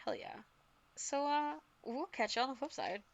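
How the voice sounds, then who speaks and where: A woman's voice: high-pitched, moderate pace, dull audio. A woman co-hosting a podcast, chatting casually and joking around with plenty of swearing. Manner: animated, joking, swears freely. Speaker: podcast co-host. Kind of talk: casual chat.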